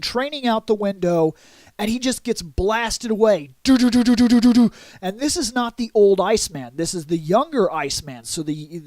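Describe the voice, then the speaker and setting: A man vlogging a casual comic book review in an excitable way, adding sound effects and acting out lines. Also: high voice, no room sound. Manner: excitable, adds sound effects and acts out quotes.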